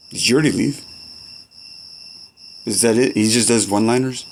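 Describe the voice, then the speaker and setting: A man's voice: fairly low pitch, normal speed, vocal fry, darkish tone, a little hiss or hum. A young man in rambling, profane comedy-skit banter, full of slang and back-and-forth.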